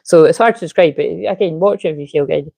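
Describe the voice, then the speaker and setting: A woman's voice: deep voice, quick pace, vocal fry, warm tone, no room sound. A woman giving a casual, rambling tarot reading, drifting off topic and swearing now and then. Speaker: tarot reader.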